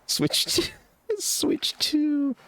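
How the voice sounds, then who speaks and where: A man's voice: extremely high pitch, lively intonation, drawn-out words, pushed and bright. A young man streaming a game live, chatting casually with a sarcastic, laid-back manner and frequent laughs while reacting to chat.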